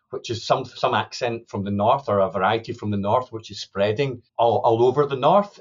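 A middle-aged male academic explaining his research in a podcast interview, thoughtful and full of restarts. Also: medium pitch. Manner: thoughtful, many restarts and "you know". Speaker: sociolinguistics academic guest. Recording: dull lo-fi sound.

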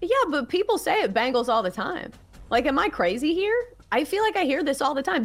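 A woman with a Southern US accent leads a casual football podcast. She is chatty and playful and keeps asking the panel questions. Her pitch rises and falls freely. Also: big pitch swings, brisk, soft background music. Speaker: sports podcast host. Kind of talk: casual sports chat.

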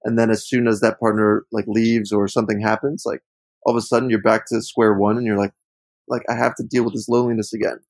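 Casting note: thirties man, low gravelly husky voice, reflective podcast co-host, dry sound. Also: level tone, fast, no room sound, low-quality recording. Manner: reflective, frank, many "like" fillers. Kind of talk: casual podcast chat.

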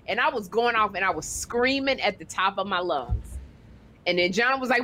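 A woman on a talk show, spinning an animated, casual story. She jumps into other people's voices as she tells it. Her voice sits a little high. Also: moderate pace.

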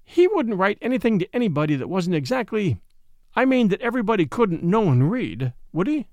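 A man voicing a lively, frank young woman from the West in a read-aloud story. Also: high-pitched, a little fast, no echo, clean studio sound. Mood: eager.

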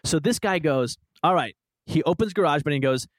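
Young man, podcast co-host, earnest and rambling, a bit high voice, dry close mic. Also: animated, a little fast, no echo. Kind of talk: casual podcast chat.

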